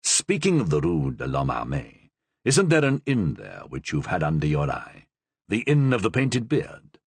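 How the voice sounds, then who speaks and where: A man voicing a shrewd, guarded older male cardinal in a storybook reading, speaking slowly and probingly. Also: extremely low pitch, wildly swooping pitch, creaky, husky, no room sound, voice pushed down, full character voice. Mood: measured.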